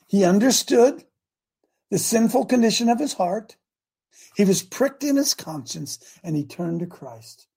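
A man's voice: high-pitched, darkish tone, husky. An older man hosting a live show, preaching emphatically and calling on his audience to answer. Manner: emphatic, exclamatory, calls out to the audience. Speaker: host and preacher. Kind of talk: fiery live-show sermon.

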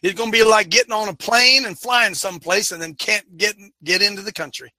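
A talk show host with a high, very bright, piercing voice holds forth like a preacher, speaking fervently and a little fast with heavy emphasis and occasional yelling. The recording is close and dry, with no echo.

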